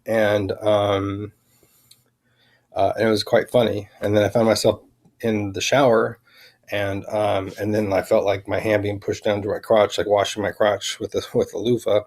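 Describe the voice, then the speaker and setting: A man vlogging a rambling personal account, halting and full of fillers and restarts. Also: fairly low pitch, flat delivery, a little mellow.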